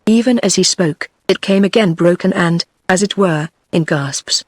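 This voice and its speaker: A text-to-speech woman's voice with a British English accent, reading a novel aloud in an even, synthetic way. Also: lowish voice, a little slow, hardly any pauses, slightly rough, no echo. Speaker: audiobook narrator.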